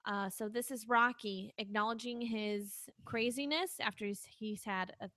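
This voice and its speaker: Bright, teasing woman co-host. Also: on the high side, measured pace, no echo, clean studio sound. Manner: lively, loud and teasing. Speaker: podcast co-host. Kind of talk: casual chat.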